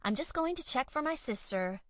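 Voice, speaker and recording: An exasperated young woman, as a female narrator reads her, politely sarcastic and increasingly fed up. She sits a bit higher than the narration. The sound is dry and slightly dull. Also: animated, moderate pace, no room sound. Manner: polite but irritated, sarcastic.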